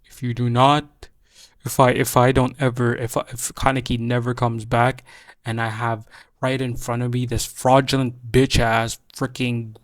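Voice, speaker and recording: A man's voice: mid-range voice, little pitch movement, moderate pace, no room sound, clean studio sound. A young man giving a casual anime reaction, ranting heatedly with swearing, stammered restarts and repeated phrases for emphasis.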